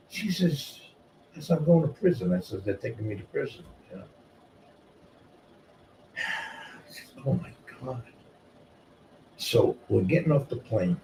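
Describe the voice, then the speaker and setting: A man telling stories casually, profane and animated, moving between shouting and murmuring. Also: medium pitch, a little slow, pauses often. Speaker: guest storyteller. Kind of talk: casual storytelling. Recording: distant mic with faint noise.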